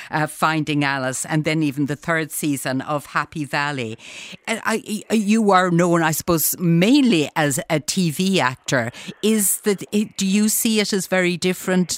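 An interviewer puts questions to a guest in an easy, conversational way, sometimes pausing to search for a name. The voice sits in the middle range and sounds close and dry, with no room echo. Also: mid-range voice. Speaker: radio interviewer.

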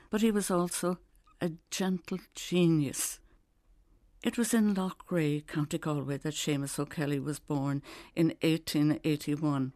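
A woman's voice: low-pitched, a little mellow, dry recording. A woman reading a personal reflective piece in a curious, earnest way. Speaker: essayist.

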